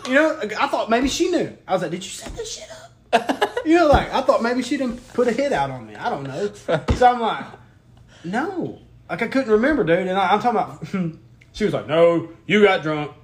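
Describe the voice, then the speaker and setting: A man's voice: high-pitched, big pitch swings, brisk. A young man co-hosting a podcast, telling a rambling, profane story in casual chat and laughing as he goes. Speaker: podcast co-host.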